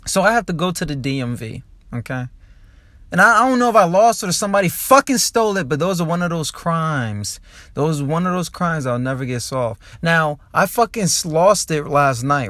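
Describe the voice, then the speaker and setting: Loud, cursing young Jersey comic. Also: male voice, fairly high pitch, very animated, normal speed, no echo, studio quality. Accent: New Jersey. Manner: loud, profane, laughs at his own jokes. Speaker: stand-up comic and podcast host. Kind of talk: rambling comedic rant. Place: parked car.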